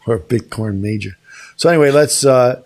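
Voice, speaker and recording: Male host, gravelly mid-range voice, halting and unhurried, casual chat. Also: medium pitch, a little mellow. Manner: halting, searching for words. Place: small studio room.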